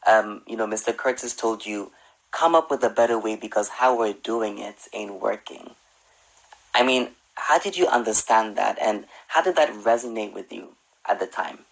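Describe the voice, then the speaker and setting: Gravelly-voiced male news interviewer. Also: fairly low pitch, animated, normal speed, rough recording.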